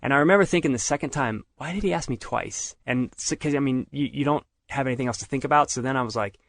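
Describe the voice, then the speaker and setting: A middle-aged man, guesting on a podcast, tells a story in casual conversation and animatedly acts out what other people said. He has a medium-pitched voice and talks fast.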